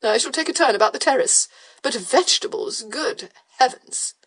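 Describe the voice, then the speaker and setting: A woman voicing a foppish, theatrical Regency gentleman in an audiobook, affected and exclaiming. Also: fairly high pitch, expressive, normal speed, husky, pitched above the performer's own voice. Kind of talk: audiobook character voice.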